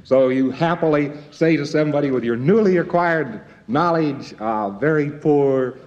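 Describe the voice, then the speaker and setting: A man's voice: a little high, moderate pace, darkish tone, lo-fi sound. A man from the United States giving a lecture in a folksy, wry way with jokey asides.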